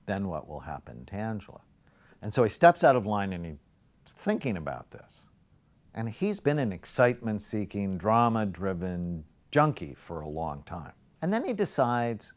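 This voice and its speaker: Brief: low-voiced male lecturer, lively storyteller, pitch jumps and hushed asides. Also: moderate pace. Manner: animated storyteller, swings from loud emphasis to soft near-whispers. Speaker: psychiatrist lecturer.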